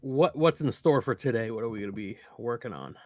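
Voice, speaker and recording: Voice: mid-range voice, expressive, fairly quick, darkish tone, no echo, clean studio sound. A player and co-host in casual table banter, upbeat and laughing often.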